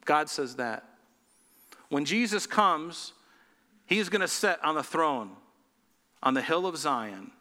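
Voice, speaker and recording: A man preaching in a lively sermon, throwing rhetorical questions at his listeners. His voice sits a little high and rings bright and forceful. It carries a long reverb from a large hall. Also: takes it slowly, pauses often. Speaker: pastor.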